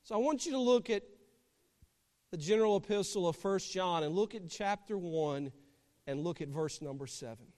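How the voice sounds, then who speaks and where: A man's voice: sits high, normal speed, a little mellow. A man preaching a sermon, telling a story and then building to fervent emphasis as pastor. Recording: long hall reverb.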